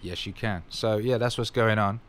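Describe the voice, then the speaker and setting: A man's voice: fairly low pitch, steady tone, normal speed, a bit bright, smooth. A man casually answering fan questions in his vlog, rambling and upbeat with plenty of fillers.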